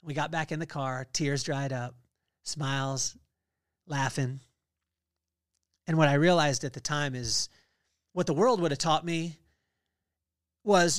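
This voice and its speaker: A man's voice: on the high side, a little slow, long pauses, no echo. Man giving a casual faith talk. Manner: conversational, reeling off lists of virtues with rising energy. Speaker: podcast host.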